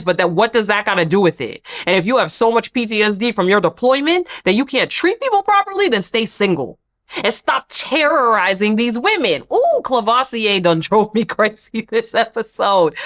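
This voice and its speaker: A woman talks through a reality show episode in a casual, opinionated recap. Her pitch swings widely as she plays out what each person said. Her tone is sassy and blunt. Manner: sassy, animated, acts out quotes.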